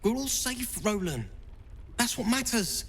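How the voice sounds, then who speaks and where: An actor playing a gentle, reassuring young man in a game. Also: very high voice, unhurried, husky, full character voice. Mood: calm. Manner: calm, reassuring.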